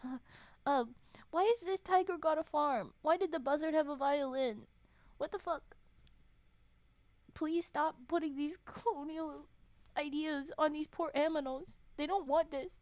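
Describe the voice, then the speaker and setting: Woman streamer, storytime reader, a touch high, chatty asides between read lines, dry close sound. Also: measured pace, darkish tone, dry recording. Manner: chatty, swears and laughs, interrupts the reading with comments. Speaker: streamer reading folktales. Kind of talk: casual storytime stream with reading aloud.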